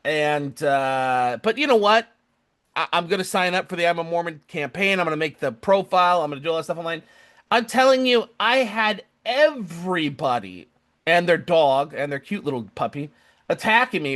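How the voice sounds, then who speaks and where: A man's voice: on the high side, moderate pace. A young man co-hosting a podcast, ranting casually and acting out other people's lines. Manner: animated, acts out other people's lines in quoted voices. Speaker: podcast co-host.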